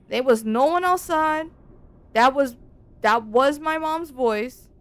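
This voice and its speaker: A woman streaming a game and chatting casually, telling stories in an animated, slangy way from a dark room at home into a desk mic. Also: high voice, measured pace. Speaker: VTuber streamer.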